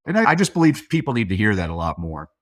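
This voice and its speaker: Man, very deep voice, dry close sound, enthusiastic storyteller, casual chat. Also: big pitch swings, no echo. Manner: enthusiastic storyteller, quick to praise. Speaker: podcast guest, speaker and coach. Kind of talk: casual conversation.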